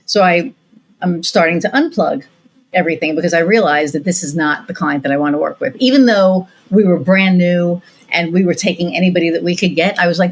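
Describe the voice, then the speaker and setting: A woman with a lowish voice hosts a conversational podcast. She tells stories in a lively, unfiltered way, swearing casually as she goes. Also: fairly quick, low-quality recording. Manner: animated, swears freely. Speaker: podcast host.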